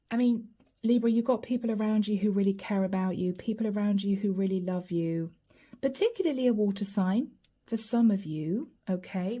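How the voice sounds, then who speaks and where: A woman giving a channeled tarot reading to camera, gentle and encouraging, speaking straight to her viewers and breaking into soft laughs. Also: medium pitch. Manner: often breaks into light laughs and soft asides. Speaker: tarot reader.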